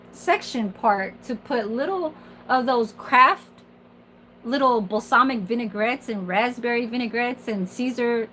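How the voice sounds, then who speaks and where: A woman's voice: high voice, a bit bright, slight background noise, rough recording. A woman in her forties, a kitchen worker, venting in a casual, rambling monologue full of fillers and swearing. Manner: candid, profane, rambling with many fillers.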